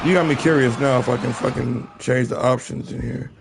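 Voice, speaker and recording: A man calling a wrestling video game live on stream, shouting the big moves and breaking off into profane asides to his viewers. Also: medium pitch, fairly quick, creaky, noisy background. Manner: excitable play-by-play with shouted calls and profane asides. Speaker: stream host and play-by-play commentator.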